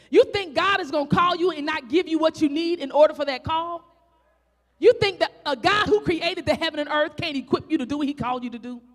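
A woman preacher with a Southern country accent, delivering a fervent sermon full of rhetorical questions, rising to shouts and drawing out scripture as she reads. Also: high-pitched. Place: church sanctuary. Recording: echoey church hall.

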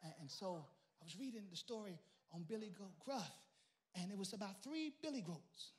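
A male pastor a sermon, telling a story and building to shouted praise. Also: very high-pitched.

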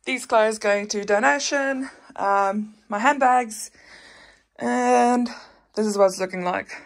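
A woman's voice: on the high side, takes it slowly. A young woman, chatting earnestly in a casual home vlog, full of fillers and restarts. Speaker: vlogger.

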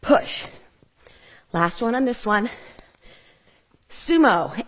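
A middle-aged woman teaches a home workout on a clip-on mic, counting reps and calling out cues. She keeps her tone upbeat even while breathing hard from the exercise. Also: medium pitch, unhurried, long pauses. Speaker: fitness instructor. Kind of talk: live workout instruction.

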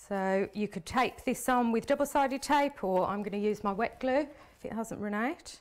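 A woman's voice: fairly high pitch, a little slow. A woman demonstrating card making on a live stream, chatting as she works with her hands. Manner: chatty, talks while working with hands. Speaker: craft demonstrator.

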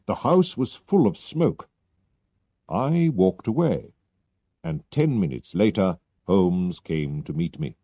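A man reading a story slowly and clearly for English learners. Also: low-pitched, animated, dark tone, dry recording. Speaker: narrator. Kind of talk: scripted narration for English learners. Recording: dull lo-fi recording.

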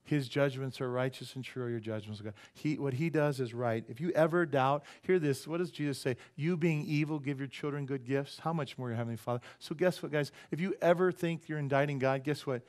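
A man, a pastor, preaching a casual, joking sermon in a church and acting out quoted voices with big jumps in pitch. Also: a little fast, few pauses, darkish tone. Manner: joking and conversational, teases the audience. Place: church sanctuary.

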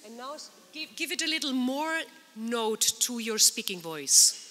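A soprano singer in an informal talk, leading the audience in singing and swooping her voice high and low as she demonstrates. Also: big pitch swings, unhurried, pushed and bright, a little hiss or hum. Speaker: soprano singer speaking at a symposium. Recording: long reverb of a large hall.

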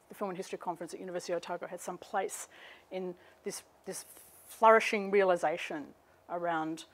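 A middle-aged woman giving a university seminar lecture into a microphone to a room of listeners, opening with a humorous personal anecdote. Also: on the low side. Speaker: guest lecturer.

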